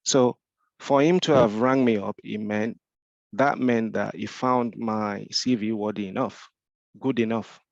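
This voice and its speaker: A man's voice: on the low side, steady tone, a little slow, gravelly, no echo, lo-fi sound. A man with a Nigerian accent, mentoring in a Q&A discussion, explaining with rhetorical questions and frequent repeated restarts.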